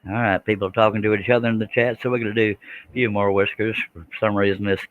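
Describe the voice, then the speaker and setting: Man, folksy, chatty, lowish voice, casual livestream host. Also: little pitch movement, quick pace, no echo, phone-quality sound. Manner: folksy, chatty, reads out viewer comments. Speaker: scroll saw livestream host. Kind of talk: casual livestream chat while working.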